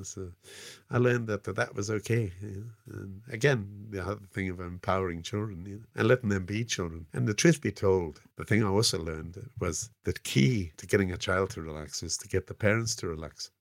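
Deep-voiced older South African man. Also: brisk, vocal fry, dry recording, studio quality. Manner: rambling, frequent "you know" fillers. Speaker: guest. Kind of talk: casual anecdotal storytelling.

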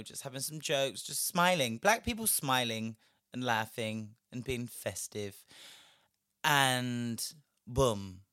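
A man's voice: medium pitch, clear, resonant tone, no room sound, studio quality. A young man, delivering a profane, sarcastic ranting commentary as a vlogger. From Britain. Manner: profane, sarcastic, shifting loudness.

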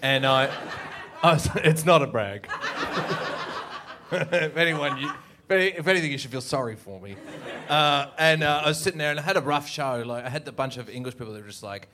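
A man co-hosting a podcast, telling comic stories with animated, laughing riffs. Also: medium pitch, brisk, background noise. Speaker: podcast co-host, comedian. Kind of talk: casual comedic chat.

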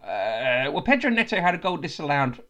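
A man's voice: fairly high pitch, big pitch swings, moderate pace, pushed and bright. A man hosting a football podcast, jokey and rambling, often correcting himself. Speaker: podcast host. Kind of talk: casual football podcast chat.

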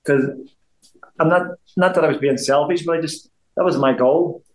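A Belfast man in his fifties, once a boxer, chats casually as an interview guest, rambling, repeating himself and frequently restarting sentences. His voice is a little high at a moderate pace, and the rough recording sounds roomy.

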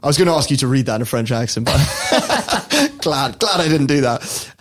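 A man's voice: mid-range voice, big pitch swings, normal speed. A man hosting a podcast in casual chat, telling stories in a wry, joking way. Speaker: podcast host.

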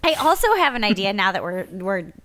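A woman co-hosting a podcast, telling stories in an animated, playful way in casual chat. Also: mid-range voice, fairly quick. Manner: animated storyteller who acts out her own outbursts. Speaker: podcast co-host.

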